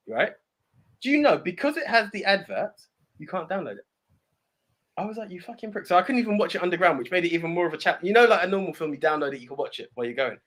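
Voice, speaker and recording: A man's voice: a little high, fairly bright tone. A young British man co-hosting a casual movie podcast, rambling and ranting with plenty of swearing. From Britain. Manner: rambling, laughing, swearing rants. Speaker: podcast co-host.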